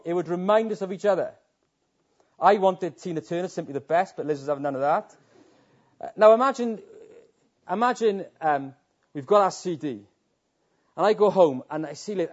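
A man preaches with earnest conviction, his voice sitting a little high for a man and rising into impassioned stretches. The recording is dull and lo-fi. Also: lively intonation, normal speed. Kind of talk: sermon. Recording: dull lo-fi sound.

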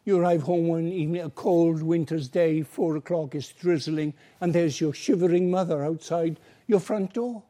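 A man's voice: fairly high pitch, steady tone, normal speed, few pauses, mellow. A male preacher giving an earnest, pleading evangelistic sermon, acting out little everyday dialogues.

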